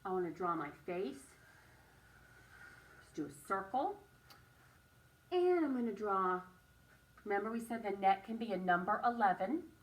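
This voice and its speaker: A woman teaching a writing and drawing lesson to young children, speaking slowly and encouragingly and stressing each word. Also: mid-range voice, animated, recorded from a distance.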